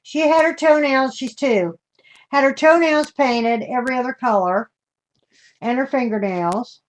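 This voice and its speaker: A woman's voice: high voice, measured pace. An older woman hosting a live craft demonstration, chatting in a homey way and greeting viewers with endearments. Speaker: craft show host.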